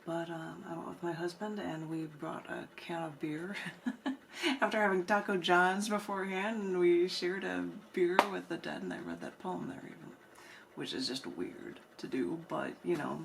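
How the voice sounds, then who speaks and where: A woman poet hosts an open mic and talks in a chatty, easygoing way between readings. Her voice is low, with a faint ambient hum underneath. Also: normal speed, creaky. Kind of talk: poetry reading with casual chat.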